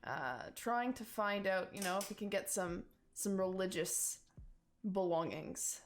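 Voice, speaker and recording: A woman's voice: medium pitch, measured pace. A woman narrating a tabletop game as game master in a casual, filler-heavy way. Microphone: streaming mic.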